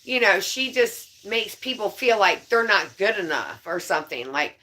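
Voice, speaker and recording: A woman's voice: medium pitch, very animated, normal speed, sharp tone. A woman venting in heated, profane rants while chatting at home.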